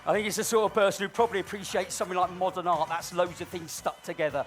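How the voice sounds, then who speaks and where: Faint music sits behind a fast-talking man who ribs an audience member during his live comedy balloon-modelling act on stage. His teasing, mock-dramatic patter swings from loud announcements to low asides.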